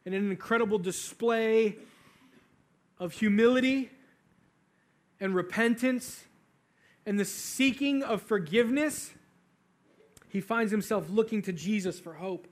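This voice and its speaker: A man's voice: sits high, measured pace, long pauses. A man preaching a sermon, reading scripture and retelling it earnestly, building to fervent emphasis. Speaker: pastor.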